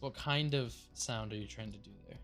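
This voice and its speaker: A man's voice: on the low side, normal speed, creaky, fairly bright tone, faint music behind. A man running a tabletop game, narrating loosely with lots of fillers and casual swearing. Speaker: game master.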